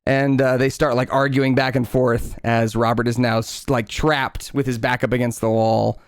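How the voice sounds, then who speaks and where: A man's voice: mid-range voice, flat delivery, moderate pace, clean tone, no room sound, studio quality. A man running a tabletop game as game master, narrating scenes and explaining rules patiently with lots of filler words.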